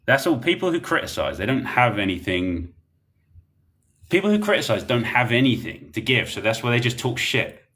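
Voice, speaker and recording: A man's voice: medium pitch, very animated, moderate pace, a bit bright. A young man, chatting bluntly and rambling while reading comments on a livestream. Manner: blunt, rambling, laughs often.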